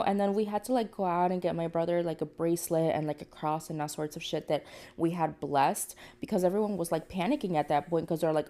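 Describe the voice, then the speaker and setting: A young woman from Panama telling a spooky story casually, cursing freely and swinging from hushed to shouting. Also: on the low side, fairly quick. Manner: profane, animated, swinging between hushed and shouted.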